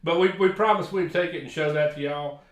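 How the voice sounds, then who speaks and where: A man's voice: a little high, fairly quick. An older man with a Texan accent, rambling through a story in casual live-stream chat, with restarts and chuckles. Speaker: paranormal investigator co-host. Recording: echoey room.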